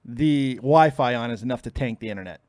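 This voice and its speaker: A man's voice: medium pitch, brisk, darkish tone, no room sound, clean studio sound. A man hosting a casual live stream from home, frustrated and swearing freely between bursts of laughter. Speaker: podcast host.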